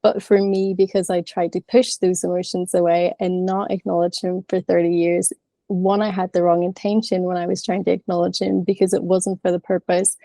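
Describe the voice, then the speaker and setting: A woman's voice: fairly low pitch, gravelly, mellow, no room sound. A woman in her thirties sharing openly and chattily in an online class, with plenty of filler words. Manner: frank, chatty, many fillers. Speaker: class participant.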